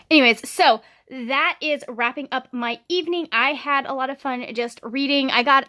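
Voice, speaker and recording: A woman talking casually in a reading vlog, chatty and animated, with frequent ums and restarts. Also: on the high side. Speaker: book vlogger.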